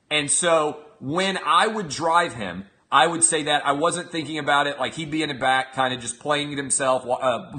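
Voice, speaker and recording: A man in his thirties hosts a show with a bright, forceful, mid-range voice, delivering an emphatic, opinionated monologue. He keeps checking in with his listeners, asking them "all right?"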